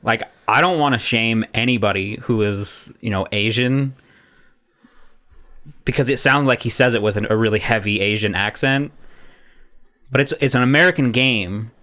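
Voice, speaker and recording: A man's voice: medium pitch, normal speed, sharp tone. A man co-hosting a podcast in casual chat, rambling and laughing often, with many restarts. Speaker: podcast co-host.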